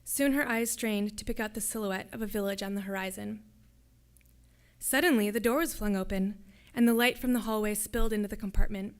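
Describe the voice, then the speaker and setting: A woman, a graduate student, reading her own fiction aloud at a public reading in a lecture hall, in a steady descriptive way. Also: medium pitch, fairly quick, smooth.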